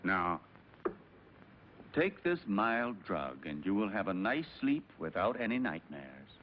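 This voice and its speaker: An actor playing a calm, controlling aristocratic husband in dubbed film dialogue, smooth and patronizing. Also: male voice, deep voice, takes it slowly, a little hiss or hum, heavily acted. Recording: dull old film soundtrack.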